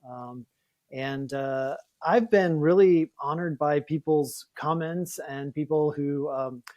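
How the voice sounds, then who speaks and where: A man's voice: fairly high pitch, slow, warm tone, dull audio. A man being interviewed about his writing, chatty with many fillers and restarts. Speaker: guest author. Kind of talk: casual interview talk.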